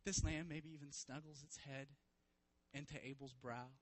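A man preaching a sermon, retelling a story vividly and swinging from hushed to loud, emphatic passages. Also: mid-range voice, fairly even intonation, normal speed, poor audio. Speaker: pastor.

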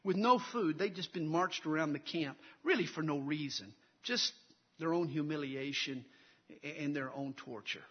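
Brief: male pastor, high-pitched voice, dramatic sermon storytelling with big swells, dull muffled recording. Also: measured pace, husky. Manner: dramatic storytelling, swells loud then drops low.

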